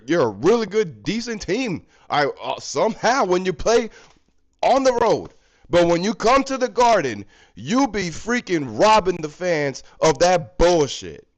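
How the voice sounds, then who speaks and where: A man's voice: on the high side, poor audio. A young man ranting angrily about his hockey team in a fan video recap, profane and exasperated. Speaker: fan channel host.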